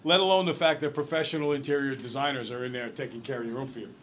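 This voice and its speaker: A man's voice: medium pitch, rapid-fire, slight background noise, low-quality recording. A man teaching a math class, telling a long story and quizzing his students as he goes. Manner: lively, chatty storyteller who quizzes the class.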